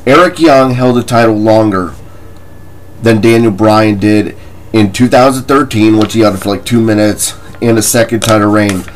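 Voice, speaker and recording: A man's voice: lowish voice, normal speed, slight background noise, poor audio. A man ranting in a wrestling commentary vlog, profane, combative and mocking, with scoffing laughs between points.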